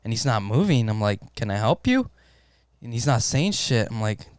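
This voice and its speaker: A man in a casual podcast chat, telling a story in an animated way and swearing constantly. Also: medium pitch, moderate pace, clean tone, dry recording. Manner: animated, swears constantly, acts out his own panic. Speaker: podcast co-host.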